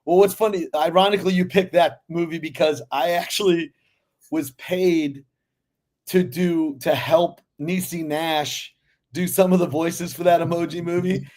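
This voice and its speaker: A man in a relaxed interview, rambling through stories with lots of "like" and "you know" and plenty of cursing. His voice sits a touch high for a man. He talks loosely and laughs often. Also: a little slow. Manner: loose storyteller, lots of fillers and profanity. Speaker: guest actor. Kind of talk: casual interview chat.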